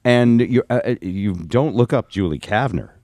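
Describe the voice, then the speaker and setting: A man's voice: lowish voice, lively intonation, normal speed, darkish tone, no room sound. A man hosting a radio show, teasing and probing his guest in casual studio chat. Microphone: studio microphone. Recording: dry studio sound.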